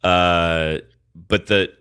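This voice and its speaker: Low, clear and resonant with a sharp edge, this man's voice moves extremely slowly with fairly even intonation. He co-hosts a sports podcast, swearing casually and rambling with frequent restarts.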